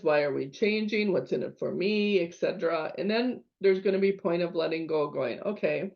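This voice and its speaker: A woman's voice: medium pitch, gravelly. A middle-aged woman teaching a course, telling a story from her own working life in a chatty way and acting out her own thoughts. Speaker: instructor. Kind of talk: lecture with personal story. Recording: slightly dull lo-fi audio.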